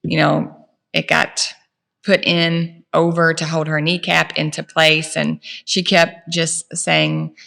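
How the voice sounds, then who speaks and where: A woman's voice: deep voice, completely flat delivery, slow, vocal fry, a bit bright, long reverb tail. A middle-aged woman co-hosting a podcast, telling a family story in casual chat with lots of fillers and acted-out quotes. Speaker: podcast co-host.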